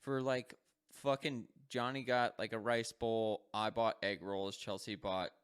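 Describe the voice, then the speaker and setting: A man's voice: fairly low pitch, flat delivery, unhurried, a bit bright, smooth. A young man co-hosting a podcast, chatting casually, laughing often and swearing freely. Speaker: podcast co-host. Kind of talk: casual chat.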